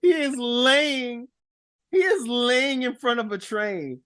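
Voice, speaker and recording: A woman co-hosting a movie podcast, chatting casually and dropping low to mimic characters deadpan. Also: slow, no echo, studio quality. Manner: lively, drops low to deadpan quotes. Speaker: podcast co-host.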